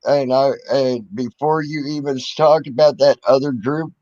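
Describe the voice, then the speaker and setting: A man's voice: medium pitch, fairly even intonation, normal speed, dark tone, no room sound. A man hosting a casual podcast chat, laid-back and blunt, laughing often. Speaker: podcast host. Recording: dry lo-fi audio.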